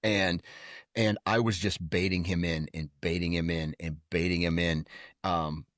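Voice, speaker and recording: A man's voice: low voice, fairly even intonation, measured pace, a bit bright, dry recording, clean studio sound. A man co-hosting a podcast, telling stories in casual chat and slipping into silly voices. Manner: storytelling with put-on voices and laughter. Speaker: podcast co-host.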